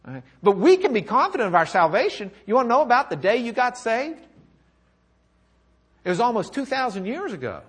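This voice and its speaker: A man's voice: very high-pitched, very animated, fairly quick, breathy edge. A man preaching a sermon, reading scripture aloud with rising feeling and talking to his listeners. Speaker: pastor. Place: church or classroom with a document camera.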